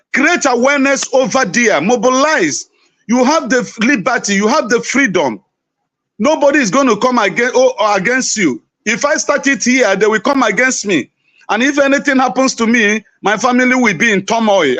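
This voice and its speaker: A man's voice: high-pitched, pushed and bright. A man on a discussion panel making an urgent, impassioned political appeal straight to his listeners. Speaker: panel guest.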